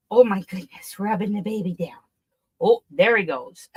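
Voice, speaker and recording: A woman's voice: medium pitch, a little slow, long pauses, slightly rough, rough recording. A woman hosting a casual live stream who coos to her pet in sing-song baby talk between chatty remarks. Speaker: crochet channel host.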